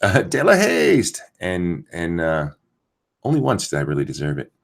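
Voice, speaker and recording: A low, gravelly-voiced man hosts a casual live stream, his pitch swinging widely as he rants. He swears freely, greets viewers from chat by name, and holds his volume down to avoid waking someone. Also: huge pitch swings, moderate pace. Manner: keeps voice down so as not to wake someone. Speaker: host.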